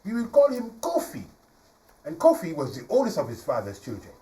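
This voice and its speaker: A man telling a folk tale in a live performance for a studio audience, animated and playful, often speaking straight to the crowd. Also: fairly high pitch, fairly quick. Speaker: storyteller. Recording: voice from a distance, faint ambience.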